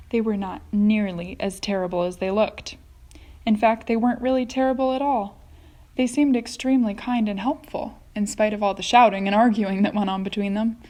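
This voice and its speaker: A woman's voice: mid-range voice, fairly even intonation, normal speed, a little mellow. Woman teacher reading a storybook aloud. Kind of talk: reading a children's book aloud.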